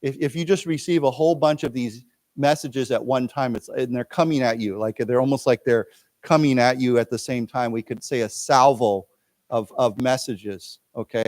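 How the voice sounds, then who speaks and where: A man's voice: mid-range voice, normal speed, a little mellow, no room sound. A man teaching an English lesson, explaining words with everyday examples and often checking in with "okay?" and "right?". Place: library lecture room.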